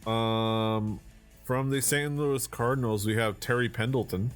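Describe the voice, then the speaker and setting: A man's voice: medium pitch, fairly even intonation, measured pace, smooth, soft background music. A man co-hosting a casual podcast, opening baseball card packs in an easygoing way, laughing often and trailing off mid-thought. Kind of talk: casual chat.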